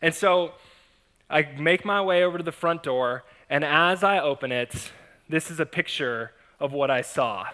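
A man's voice: fairly high pitch, a little slow. A man preaching to his congregation, telling a personal story with humor and frequent laughs, acting out the voices of the people in it. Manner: animated, self-mocking, laughs often. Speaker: pastor. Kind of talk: storytelling sermon.

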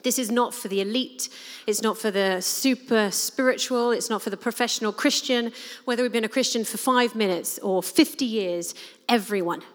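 A woman's voice: a little high, normal speed. A woman giving a sermon in an earnest, conversational way with frequent "um" fillers. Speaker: preacher. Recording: reverberant hall.

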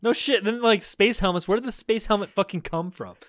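A man with a blocked-up nose hosting a casual comedy podcast, swearing and spinning absurd tangents while he laughs. His voice sits a little high and sounds dry and close, with no room around it. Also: a little fast, dry recording. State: congested nose. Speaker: podcast host.

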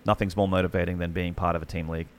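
A man's voice: deep voice, little pitch movement, rapid-fire, slight background noise. A man in his thirties with an Australian accent, an esports commentator telling his story in a casual podcast chat, rambling with many restarts and fillers.

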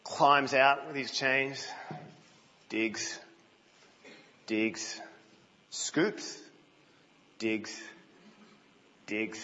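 A man preaching a sermon in a church, telling stories in an animated way and dropping to a hush. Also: medium pitch, slight background noise. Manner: animated storytelling, drops to a hush. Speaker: guest preacher. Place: church, indoors. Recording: reverberant, muffled church hall.

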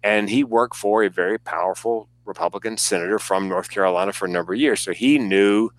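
A man's voice: fairly low pitch, a little fast. Man telling a story with swearing. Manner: animated storyteller, acts out quoted voices, swears. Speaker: guest comedian. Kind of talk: casual storytelling.

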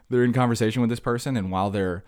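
A young man hosting a solo podcast, ranting fast and sarcastically, jumping from one tangent to the next. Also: mid-range voice, a little mellow, dry recording, clean studio sound. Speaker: podcast host.

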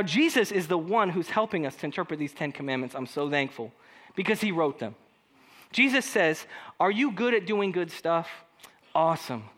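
A male pastor preaching a conversational sermon, acting out quoted lines and speaking directly to the congregation. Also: high-pitched. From California. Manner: conversational, animated, acts out quoted voices.

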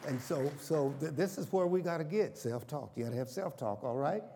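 A man's voice: fairly high pitch, animated, fairly quick, noisy background. A man preaching a sermon in a church, often asking the congregation questions and having them repeat sayings. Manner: call-and-response, asks congregation questions. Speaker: pastor. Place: church sanctuary. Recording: long reverb of a church hall.

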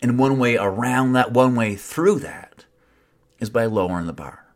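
A man giving a reflective sermon in an earnest tone, with wry self-mocking asides and soft whispered passages. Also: mid-range voice, animated, moderate pace. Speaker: preacher.

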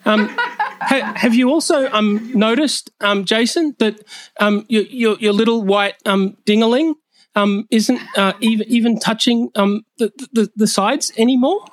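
A man's voice: sits high, a little slow, voice pushed up, poor audio. A man voicing a nervous grown man who stammers and hesitates on nearly every word during a comedy roast bit.

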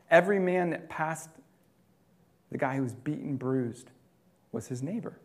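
A man preaching a sermon in a conversational way, swinging between loud emphatic lines and quiet, dropped ones. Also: a little high, moderate pace, long pauses. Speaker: pastor.

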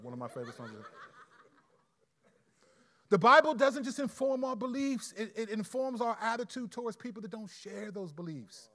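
A man preaching a sermon in a conversational, animated way with quick asides. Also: sits high. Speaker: pastor.

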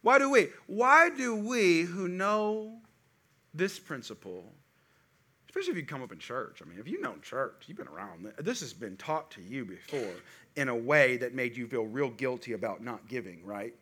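A middle-aged man preaching a sermon to a congregation, with animated call-and-response delivery. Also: mid-range voice, fairly quick, slightly rough. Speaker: pastor.

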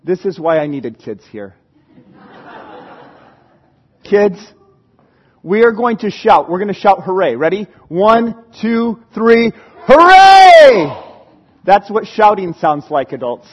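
A man preaching a sermon to a congregation in a church, talking in a lively, conversational way and now and then leading the room in shouts. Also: high voice, a little slow, long pauses. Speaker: pastor.

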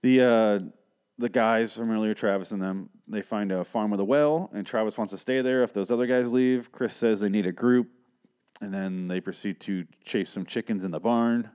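A man's voice: fairly low pitch, steady tone, normal speed, darkish tone, clear, resonant tone. A man hosting a podcast, recapping a TV episode in a rambling, profane, argumentative way. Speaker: podcast host.

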